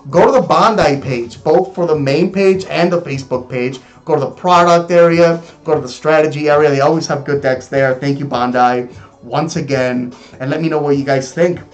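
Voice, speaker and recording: A man excitedly unboxing a trading card game product, gushing and repeating himself as he talks to his viewers. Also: a little high, moderate pace, soft background music.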